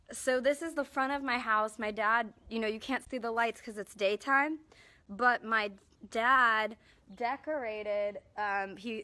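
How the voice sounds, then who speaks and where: On a handheld phone live stream, a young woman, a singer-songwriter, talks casually around her home, indoors and out, rambling with frequent apologies, fillers, and restarts. Her voice is mid-range, pushed and bright.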